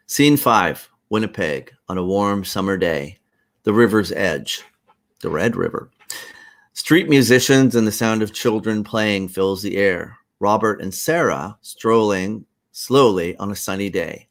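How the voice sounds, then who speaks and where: Slow, animated man reading his play. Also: fairly low pitch. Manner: slow, animated, laughing at his own lines. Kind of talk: one-man play reading, narrating and voicing roles.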